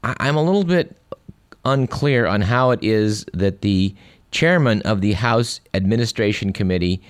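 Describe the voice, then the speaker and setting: A man's voice: on the low side, dry recording, studio quality. A man hosting a radio show, chatting wryly and reading listener emails aloud. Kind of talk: casual radio commentary.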